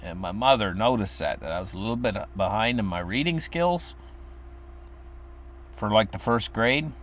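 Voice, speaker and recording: A man's voice: on the low side, animated, moderate pace, fairly bright tone. A man in his fifties from the United States, telling a childhood story in a meandering, chuckling way. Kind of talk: casual personal storytelling.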